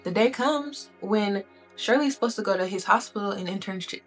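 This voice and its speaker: A woman's voice: medium pitch, normal speed, husky, faint music behind. A woman casually retelling another person's story in a chatty, conversational way, often checking in with the listener. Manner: chatty, conversational, frequent "right?" and "you know". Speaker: commentary vlogger.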